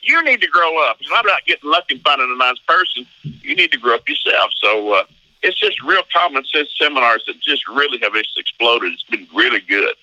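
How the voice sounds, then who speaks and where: Middle-aged male pastor, folksy storyteller; very bright, dry close sound. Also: mid-range voice, sing-song, brisk, dry recording, lo-fi sound. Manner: folksy, acts out voices in stories, laughs often. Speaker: pastor and marriage seminar teacher. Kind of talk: animated interview storytelling.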